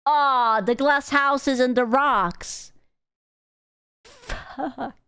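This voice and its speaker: A young adult woman streamer giving casual reaction commentary, animated and exclaiming with quick asides. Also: fairly high pitch, clear, resonant tone, no echo. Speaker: VTuber streamer.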